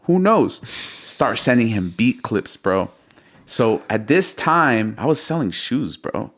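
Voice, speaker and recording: A man in his thirties, a music producer and podcast guest, telling his story in a lively, slangy way and calling the host bro. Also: medium pitch, takes it slowly. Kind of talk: casual storytelling interview.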